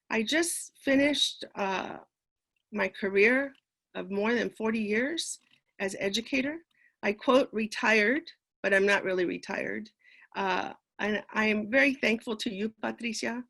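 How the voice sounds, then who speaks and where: An older woman, a retired educator, telling personal stories as a keynote speaker, earnest and pausing often on fillers. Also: medium pitch, fairly bright tone. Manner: earnest storytelling with frequent fillers. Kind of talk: personal conference talk.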